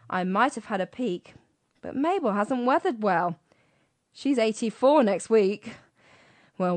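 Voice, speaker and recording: A British woman co-hosting a casual radio chat show and reading a comic poem aloud with brisk, playful emphasis. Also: a little high. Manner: brisk, chatty, reads verse with comic emphasis. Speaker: co-host.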